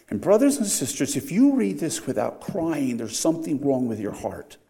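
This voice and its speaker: An older man, a pastor, preaching a sermon with wry humor and sharp swings between loud emphasis and quiet, earnest moments. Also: mid-range voice, big pitch swings, moderate pace, creaky, hardly any pauses.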